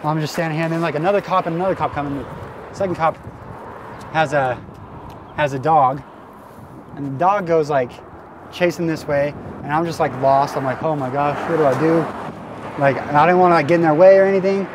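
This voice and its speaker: A man, a guest storyteller, excitedly recounting events on a residential street, peppering his talk with "like" and "right". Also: a little high, fairly quick, pauses often. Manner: excited, restless, with many likes and rights. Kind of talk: animated storytelling on location. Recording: outdoor street noise.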